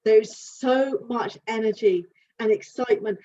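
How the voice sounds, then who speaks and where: A woman working as an animal communicator, giving a live reading and thinking aloud in halting, searching phrases. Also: fairly high pitch, fairly even intonation, mellow. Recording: dull lo-fi sound with faint hiss.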